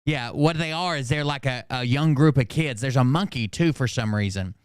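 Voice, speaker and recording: A man hosting a commentary show, making sarcastic, crude, deadpan jokes about a clip. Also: mid-range voice, moderate pace, clean tone, dry recording, studio quality. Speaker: commentary host. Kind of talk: mocking commentary.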